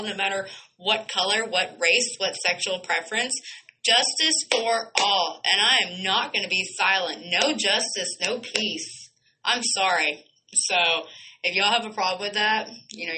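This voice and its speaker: Woman podcast host, passionate unscripted monologue, sharp bright tone, emphatic and blunt. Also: on the low side, a little hiss or hum, poor audio. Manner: emphatic, blunt, swears freely; repeats and corrects phrases mid-sentence. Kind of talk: impassioned monologue.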